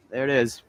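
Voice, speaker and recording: A man live-streaming from a phone in a motel parking lot in light rain, talking in a rambling, profane, chatty way. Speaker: vlogger. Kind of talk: live-streamed walking vlog.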